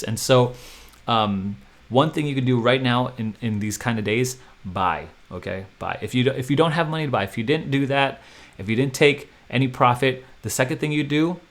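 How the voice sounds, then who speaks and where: A man hosting a crypto channel talks in a loose, animated way, circling back on his points. His voice sits at an ordinary middle pitch. He keeps checking in with the listener by asking "okay?". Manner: animated, repetitive, chatty with frequent "okay?". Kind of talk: casual advice monologue.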